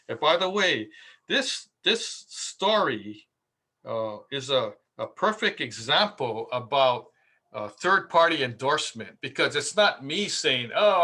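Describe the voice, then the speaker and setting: A contractor with a slightly high, bright voice and a forceful tone gives casual marketing advice by telling stories. He is chatty, filling his anecdotal talk with lots of fillers and repetitions.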